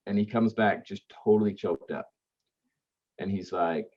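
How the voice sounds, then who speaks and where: A man's voice: fairly low pitch, unhurried, pauses often, darkish tone. A man being interviewed on a podcast, telling earnest stories about helping grieving families, with many fillers and restarts. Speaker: guest, aftercare service founder. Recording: dull lo-fi sound.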